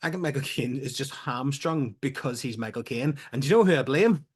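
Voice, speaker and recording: A man co-hosting a film podcast, chatting casually with animated opinions and frequent laughter. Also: medium pitch, brisk, slightly rough. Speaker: podcast co-host.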